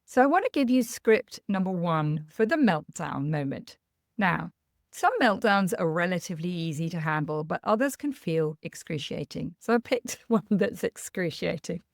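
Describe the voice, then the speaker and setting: A woman's voice: lowish voice, animated, moderate pace, gravelly, no room sound, clean studio sound. A middle-aged woman hosting a parenting podcast, talking candidly and reassuringly and sharing personal stories. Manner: earnest, candid and reassuring, laughing at herself. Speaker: parenting coach, podcast host. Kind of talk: podcast monologue with personal anecdotes.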